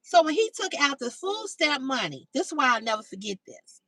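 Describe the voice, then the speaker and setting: A middle-aged woman is telling a story to her livestream viewers, with a bright, high voice. She swears freely and jumps up higher whenever she acts out the quoted lines. The sound is dry and picked up from slightly away from the mic. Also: sing-song, fairly quick, few pauses, no room sound, far from the mic, low-quality recording. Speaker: livestream host. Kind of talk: casual storytelling to live chat.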